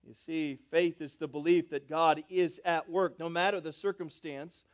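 A pastor preaching a sermon, moving between loud, drawn-out emphasis and quiet, low asides, and asking his congregation questions. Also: steady tone. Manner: swings between loud emphatic lines and soft low asides, drawing out key words; asks the congregation questions and calls for responses.

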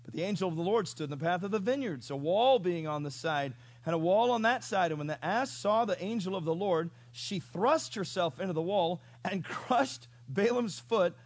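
A male pastor preaching a sermon in an animated storytelling way, chuckling and asking the congregation questions. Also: sits high, fairly quick, hardly any pauses, no echo.

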